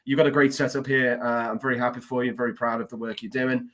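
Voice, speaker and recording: A man's voice: mid-range voice, level tone, quick pace, fairly bright tone. A man with a non-American English accent, a guest on a livestream, talking earnestly and politely about his work. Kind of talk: casual interview chat.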